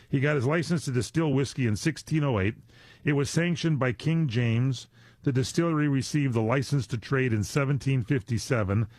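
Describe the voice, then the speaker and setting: A man's voice: medium pitch, darkish tone, dry recording. Joking rambling male radio host. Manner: jokey, rambling, drifts into digressions. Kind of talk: casual live radio chat. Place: radio studio. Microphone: studio microphone.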